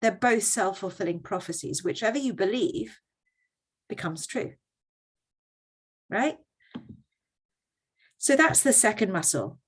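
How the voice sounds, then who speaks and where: A woman's voice: mid-range voice, fairly bright tone. A woman presenting a workshop in a conversational teaching style, often checking in with her audience.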